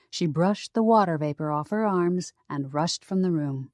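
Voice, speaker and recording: A woman narrating an audiobook in a measured storytelling manner. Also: lowish voice, darkish tone, dry recording. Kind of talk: scripted narration.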